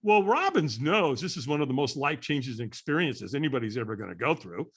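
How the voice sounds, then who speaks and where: A man in his sixties from California, a podcast guest telling a story in an animated way, acting out the voices of the people in it. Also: mid-range voice, brisk, slightly rough. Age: 60s. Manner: lively storyteller acting out voices, frequent "right?".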